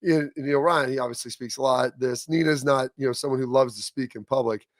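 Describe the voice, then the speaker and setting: A man's voice: medium pitch, quick pace, dry recording. A man hosting a show, telling a rambling casual story with restarts. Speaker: show host. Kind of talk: casual chat.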